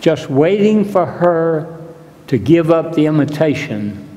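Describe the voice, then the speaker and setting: A man preaching a sermon in a church, telling a story slowly and deliberately. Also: a little high, very animated, dark tone. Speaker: pastor. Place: church sanctuary. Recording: long reverb in a large hall.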